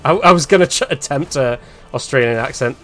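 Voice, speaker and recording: A man's voice: medium pitch, a little fast, a bit bright, faint music behind. A man commentating casually while live-streaming a game, chatty and rambling, laughing often and grumbling about the fight.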